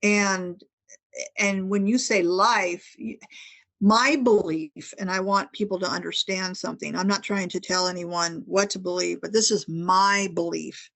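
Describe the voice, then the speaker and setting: A woman's voice: on the low side, unhurried, creaky. A middle-aged woman, a guest author on a paranormal podcast, telling a personal story in casual conversation and acting out the dialogue of others. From Northern California. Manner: animated storytelling, quoting others in dialogue, frequent restarts.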